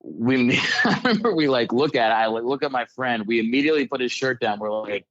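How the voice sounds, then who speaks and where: A man with a lowish voice tells a story in a loose, rambling way, full of filler words. He is a comedian calling in to the show. His voice comes through muffled, lo-fi call-in audio. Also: brisk, a bit bright. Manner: rambling, heavy use of "like" fillers. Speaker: comedian guest. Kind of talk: casual storytelling. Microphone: calling in remotely.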